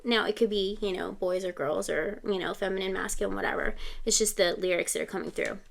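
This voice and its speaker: A woman giving a casual tarot reading to camera, chatty and reassuring, often checking in with "okay?". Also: mid-range voice. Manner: quotes song lyrics and sings snatches. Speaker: tarot reader.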